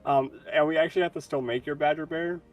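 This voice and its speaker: A man's voice: fairly high pitch, fairly even intonation, quick pace, far from the mic, faint music behind. A man acting as dungeon master, making casual rulings with restarts. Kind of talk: running a tabletop game.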